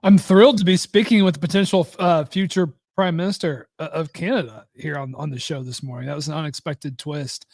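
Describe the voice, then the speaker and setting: A man's voice: fairly high pitch, fairly even intonation, fairly quick, hardly any pauses, a little mellow, no room sound. A man co-hosting a casual show over a video call, wry and dryly humorous. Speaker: co-host.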